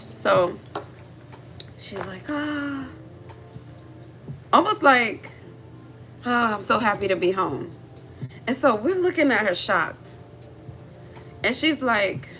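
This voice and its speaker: Gravelly low-voiced woman telling a story. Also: poor audio. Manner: chatty, animated storytelling. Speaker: livestreamer. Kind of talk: casual storytelling chat.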